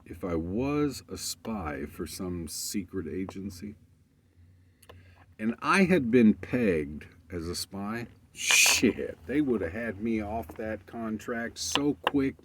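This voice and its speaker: A man's voice: on the low side, a little hiss or hum. A man telling a story in a rambling, emphatic monologue full of profanity. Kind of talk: casual monologue.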